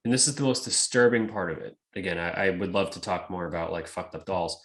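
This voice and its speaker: A man's voice: sits low, quick pace, fairly bright tone. A young man co-hosting a podcast, talking casually, swearing freely and laughing a lot. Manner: swears a lot, laughs, jumps into put-on doll voices. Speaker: podcast co-host. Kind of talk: casual chat.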